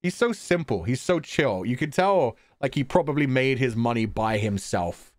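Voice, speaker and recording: A man commentating a game on a livestream, excitable and laughing, swearing freely. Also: mid-range voice, moderate pace, no room sound, clean studio sound. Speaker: streamer.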